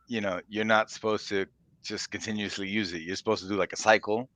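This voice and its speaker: A man's voice: fairly low pitch, steady tone, brisk, bright, forceful tone, no echo. A young man co-hosting a podcast, rambling casually, laughing often and acting out little quotes. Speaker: podcast co-host. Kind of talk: casual chat.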